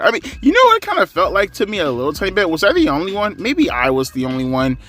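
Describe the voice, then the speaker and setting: A man's voice: sits high, huge pitch swings, quick pace, hardly any pauses, bright, forceful tone. A man giving a casual, rambling wrestling recap, sarcastic and swearing freely. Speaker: wrestling commentary vlogger.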